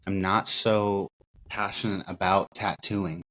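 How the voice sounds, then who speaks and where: Deep slow-talking man, podcast co-host. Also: level tone, sharp tone. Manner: measured, thoughtful. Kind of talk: casual chat.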